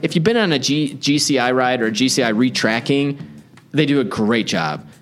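A man's voice: medium pitch, lively intonation, moderate pace. Male podcast host, eager and rambling, mid-range voice, faint music behind. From Chicago area. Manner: enthusiastic, rambling, chatty. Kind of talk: casual podcast chat.

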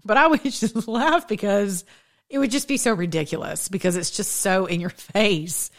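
A woman's voice: medium pitch, normal speed. Sarcastic combative woman ranting. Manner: sarcastic, combative, frequent laughs. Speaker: podcast host. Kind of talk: opinion monologue.

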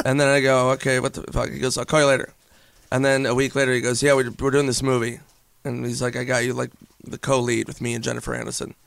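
A man's voice: medium pitch, completely flat delivery, brisk, vocal fry, no room sound. A man talking as a guest in a casual interview, loose and laughing, swearing often and filling with "like". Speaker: comedian and actor guest.

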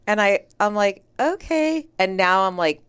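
A woman with a smooth, clear voice tells a story in casual chat. She talks animatedly and slips into the voices of the people she quotes. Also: medium pitch, a little slow. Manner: animated, acts out quoted dialogue, many "like" fillers. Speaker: podcast guest.

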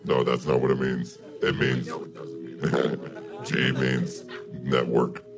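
Deep gravelly devil, foul-mouthed. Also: male voice, monotone, extremely slow, over music, full character voice. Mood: tough, ranting. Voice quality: gravelly, growling. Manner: aggressive swearing rant, tough and touchy. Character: foul-mouthed devil with a feminine, tough temper. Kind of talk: live comedy bit. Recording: live audience laughter audible. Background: audience laughing.

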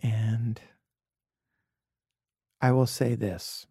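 Gravelly, husky man telling heartfelt stories. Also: mid-range voice, steady tone, extremely slow, no room sound, studio quality. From Brooklyn. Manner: earnest, emotional storytelling with soft whispered asides. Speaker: podcast guest. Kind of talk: reflective conversation.

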